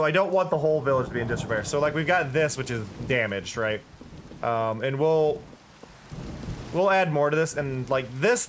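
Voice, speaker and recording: A man's voice: mid-range voice, fairly bright tone, a little hiss or hum. A tired-sounding man streaming a game, thinking aloud in casual commentary with frequent restarts. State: tired, yawning.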